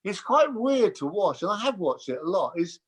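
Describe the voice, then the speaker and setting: An older man chatting as a guest, telling lively stories and mimicking voices. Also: sits high, moderate pace, slightly rough. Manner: animated storyteller, mimics voices. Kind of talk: casual chat.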